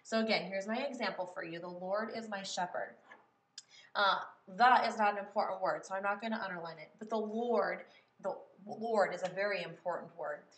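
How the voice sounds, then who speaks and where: A woman's voice: mid-range voice, a little fast, fairly bright tone. A woman music teacher giving a patient step-by-step lesson, saying words aloud to test which syllable is stressed. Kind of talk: step-by-step classroom tutorial. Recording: echoey room.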